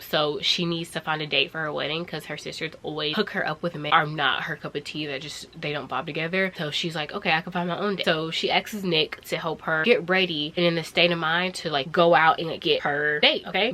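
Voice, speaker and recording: A bubbly young woman rambles happily about her favourite books, breaking off for the odd hiccup. Her voice sits a little low for a woman. A faint room hum sits behind her. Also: fairly bright tone. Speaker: booktube host. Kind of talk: casual chat about books.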